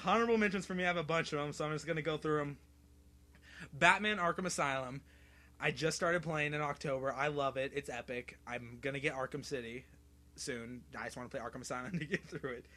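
A young man co-hosting a casual podcast about video games, excitable and laughing often as he tells stories. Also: a little high, fairly quick. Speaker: podcast co-host.

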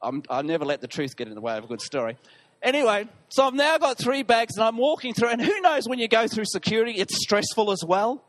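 A pastor with a high, light voice tells a story in a sermon. His delivery is animated, and he often pokes fun at himself. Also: fast talker. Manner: animated, self-deprecating storytelling.

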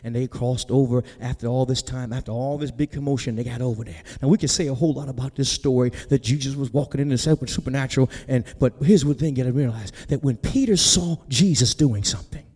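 A man's voice: mid-range voice, quick pace, few pauses. Preaching man in a reverberant church. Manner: animated preaching, climbing to near-shouts, then dropping soft; folksy, conversational, talks straight to the congregation. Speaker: pastor. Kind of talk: sermon. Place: church sanctuary.

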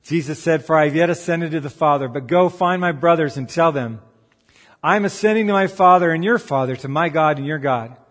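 A man's voice: fairly high pitch, a little fast. Man preaching in a reverberant hall. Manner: preaching with rising emphatic peaks and quiet asides. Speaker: pastor. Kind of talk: sermon.

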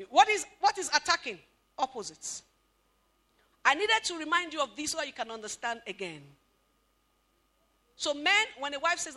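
A woman giving an animated talk at a couples' marriage seminar, questioning the audience and acting out what spouses say. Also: very high voice, moderate pace. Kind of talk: lively motivational talk to an audience.

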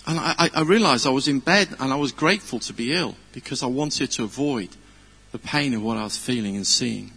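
Casting note: middle-aged preacher, gravelly and husky, bright edge, chatty and earnest. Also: male voice, medium pitch, a little fast. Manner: chatty, self-deprecating, earnest. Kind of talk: informal sermon with personal stories. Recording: long hall reverb.

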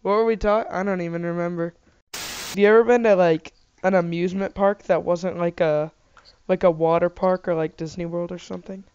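A man's voice: high voice, steady tone, a little fast, darkish tone, clean tone, dry recording. Casual rambling man, jokey banter, dry close recording. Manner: rambling, jokey, lots of fillers. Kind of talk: casual chat. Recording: dull, slightly lo-fi dry mic.

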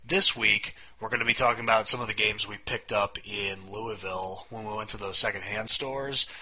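Young male podcast co-host, low-ish voice, rambling and wry. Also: fairly even intonation, moderate pace, sharp tone, poor audio. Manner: rambling, wry, swears casually. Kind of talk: casual podcast chat.

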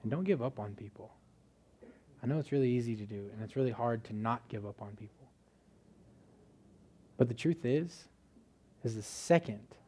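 A man's voice: medium pitch, dark tone, breathy edge. Casual storytelling male preacher. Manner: conversational storytelling with many "like" fillers. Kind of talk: casual sermon testimony.

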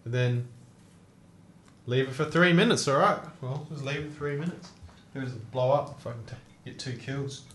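A young man hosts a loose, casual podcast chat. He gets excitable, swears freely and often breaks into laughter. His mid-pitched voice rings out in a roomy, echoing space. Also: normal speed, slight background noise. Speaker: podcast host. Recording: roomy echo.

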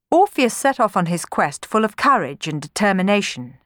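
A woman narrating a myth as a storybook reading, clear and expressive. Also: mid-range voice, normal speed, hardly any pauses, no echo, clean studio sound.

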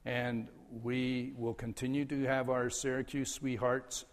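Older pastor with halting speech in a reverberant church. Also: male voice, mid-range voice, flat delivery. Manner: slow and halting, with frequent "uh" fillers and chuckles. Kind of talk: farewell address from the pulpit. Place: church sanctuary.

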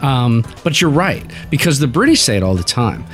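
Rambling, animated male podcast host. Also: mid-range voice, normal speed, faint music behind. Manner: rambling, winding storyteller. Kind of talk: casual chat.

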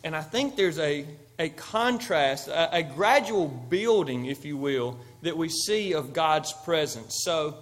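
Guy preaching, high voice, gets loud then real quiet, chatty and emphatic. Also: expressive, slow pace, hardly any pauses, soft background music. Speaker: pastor. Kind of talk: sermon.

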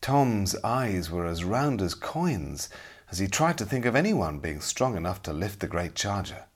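Middle-aged man, audiobook storyteller, low voice with very lively pitch. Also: measured pace, breathy edge. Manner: expressive, dramatic. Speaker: narrator.

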